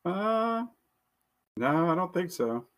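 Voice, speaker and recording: Bright-voiced laid-back man co-host. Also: sits high, very animated, slow pace. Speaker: podcast co-host. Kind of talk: casual chat.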